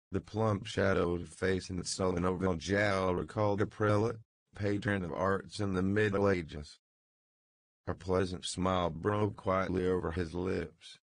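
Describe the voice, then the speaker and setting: A man narrating a literary audiobook in an unhurried, measured way. His voice is very low with a gravelly texture. The recording is dry and close. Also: no room sound.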